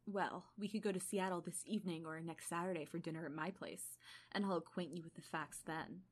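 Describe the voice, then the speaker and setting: Girl reading as a rich controlling guy, low and slow, teasing. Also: fairly even intonation, natural voice. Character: brooding rich young man, controlling and cryptic.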